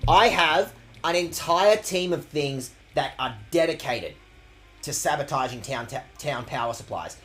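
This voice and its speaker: A man's voice: fairly high pitch, expressive, a little slow, a bit bright, faint music behind. A man streaming a game with sweary, jokey commentary. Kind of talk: casual gaming commentary.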